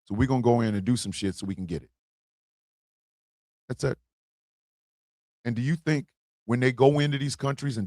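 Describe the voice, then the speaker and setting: A man's voice: medium pitch, no echo, clean studio sound. A man hosting a livestream, delivering a blunt political monologue with emphatic repetition and swearing. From United States. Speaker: host.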